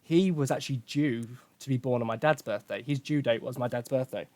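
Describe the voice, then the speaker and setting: A man in his twenties with an Essex accent chats loosely as a podcast host, joking and swearing as he tells stories. His voice sits in a middle pitch, and the sound is dry with no room echo. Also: fairly quick, a little mellow. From England. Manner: chatty, swearing, jokey storytelling. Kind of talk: casual chat.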